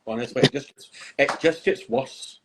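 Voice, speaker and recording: An older man, a grandfather, chatting casually on a podcast he hosts and telling relaxed anecdotes. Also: medium pitch, normal speed, heavy background noise. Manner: easygoing anecdotal storytelling. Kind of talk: casual chat.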